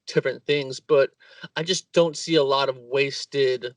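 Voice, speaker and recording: A man's voice: medium pitch, steady tone, unhurried, no room sound, far from the mic. A man in a casual conversation about architecture, searching for words and stumbling as he goes.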